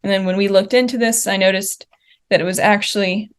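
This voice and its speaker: A woman's voice: mid-range voice, steady tone, fairly quick, clear, resonant tone. Woman giving a linguistics conference talk. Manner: explanatory, walks through slide examples; uses fillers like uh and um. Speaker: linguist presenting research. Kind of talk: conference presentation.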